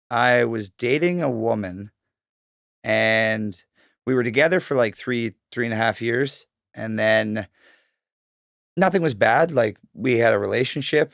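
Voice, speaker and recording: A man's voice: mid-range voice, gravelly, fairly bright tone, dry recording, studio quality. A man from Canada in his thirties, talking casually as a guest, swearing often and filling his speech with likes and ums. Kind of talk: casual storytelling interview.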